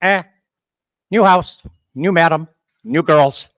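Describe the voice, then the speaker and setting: A man's voice: fairly high pitch, slow pace, fairly bright tone, no echo, muffled recording. A man voicing a cheeky parrot from a house of ill repute, blurting out short squawky announcements in a joke.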